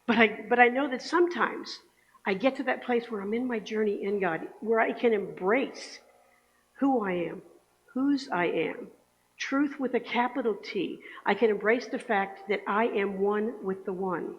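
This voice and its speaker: A woman's voice: mid-range voice, moderate pace, slight background noise. A woman giving a conversational sermon in a church, often checking in with the congregation. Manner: chatty, asks the congregation for agreement. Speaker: speaker giving the Sunday message. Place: church sanctuary. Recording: echoey hall, dull lo-fi sound.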